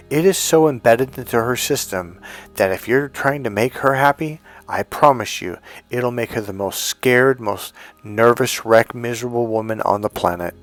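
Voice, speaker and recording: Middle-aged male coach, lowish voice, profane and emphatic, anecdotal monologue. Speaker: dating coach. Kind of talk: casual monologue.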